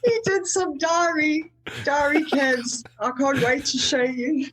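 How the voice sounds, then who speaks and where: A woman's voice: sits high, fairly even intonation, takes it slowly, a bit bright, poor audio. A woman guest on a podcast, telling travel stories in casual chat and laughing often. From South Africa.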